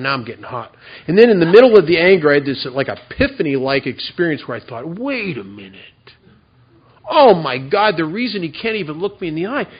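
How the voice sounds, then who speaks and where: A man with a fairly high voice tells a confessional recovery story to a meeting. He is candid and self-mocking. The recording is dull and lo-fi. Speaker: recovery speaker.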